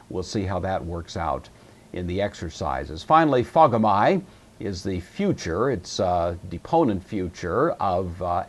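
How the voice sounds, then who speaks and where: Male teacher, low husky voice, patient and methodical lecture delivery. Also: darkish tone. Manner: patient, methodical explaining with frequent uh fillers. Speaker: Greek teacher. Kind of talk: recorded lecture.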